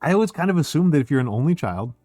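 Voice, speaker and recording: Excitable man streaming. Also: a little high, racing, dry recording, soft background music. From United States. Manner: excitable, swearing, heavy filler words. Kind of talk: casual chat.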